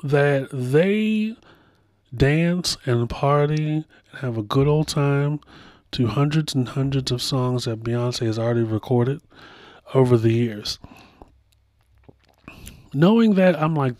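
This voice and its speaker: A man hosts a pop culture podcast in an unhurried, drawn-out delivery. His voice sits in a middle register, and he colors his stories with playful impressions. The sound is dry and close. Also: mid-range voice, dry recording. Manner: animated storytelling with playful impressions. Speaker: podcast host. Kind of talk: casual pop culture commentary.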